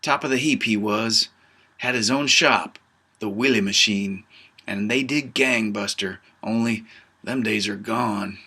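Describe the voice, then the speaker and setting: A man's voice: fairly low pitch, measured pace, sharp tone, husky. A man reading his own novel aloud in first person, with a folksy drawling dialect and a tough-guy storyteller manner. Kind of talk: first-person audiobook narration.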